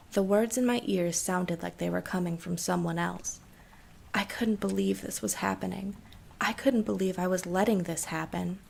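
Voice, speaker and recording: Gravelly-voiced woman narrating a horror story. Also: lowish voice. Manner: steady, measured storytelling.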